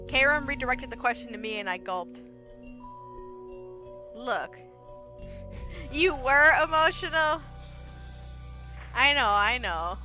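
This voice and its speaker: A woman streams a story game, reading lines aloud in a high, bright voice. She takes her time, laughs often and bursts into excited shouts. Soft music plays under her. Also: takes it slowly, pauses often.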